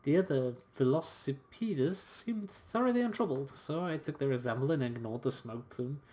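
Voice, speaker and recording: A man's voice: mid-range voice, moderate pace. A man playing a story game, chatting casually and reading its narration aloud. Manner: relaxed, reading narration with occasional quoted voices. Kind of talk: casual let's-play commentary and reading aloud.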